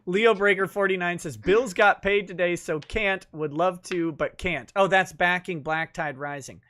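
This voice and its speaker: A man's voice: sits high, normal speed, fairly bright tone. A man hosting a casual livestream chat, reading out viewer comments and laughing often. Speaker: livestream host.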